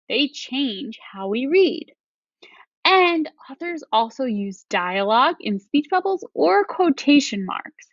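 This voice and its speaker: A woman teacher giving a reading lesson to first graders, explaining each point slowly and clearly. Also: on the high side, no room sound, highs cut off. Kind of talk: recorded reading lesson for young children.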